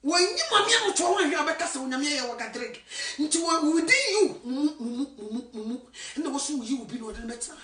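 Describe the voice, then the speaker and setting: A woman evangelist from Ghana, preaching fervently and swinging between shouting and a hush. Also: high-pitched, lively intonation, a little fast, few pauses, distant mic. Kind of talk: impassioned sermon. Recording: echoey room, voice from afar.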